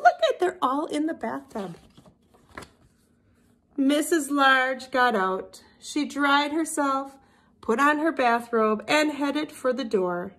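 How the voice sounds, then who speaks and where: A woman teacher reading a picture book aloud to young children in an expressive storybook manner. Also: high voice, slow.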